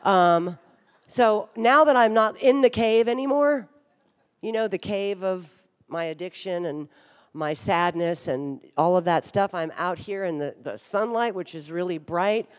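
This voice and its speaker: A lowish-voiced woman in her fifties talks a little slowly as she speaks at a recovery conference from a large hotel ballroom stage. Her candid account of her own life is frank, wry and humorous, with blunt swearing from time to time, and the ballroom makes it reverberant.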